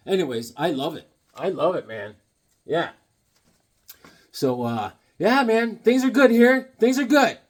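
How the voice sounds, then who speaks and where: Male comic vlogger, high and lively voice, joking and rambling. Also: slow pace. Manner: joking, rambling, animated riffing. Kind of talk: comedic casual monologue.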